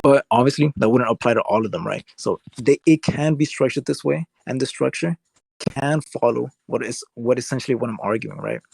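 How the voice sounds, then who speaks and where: Gravelly man rambling through a debate. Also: medium pitch, brisk, darkish tone, no room sound. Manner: rambling, heavy use of "like" fillers. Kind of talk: casual online debate.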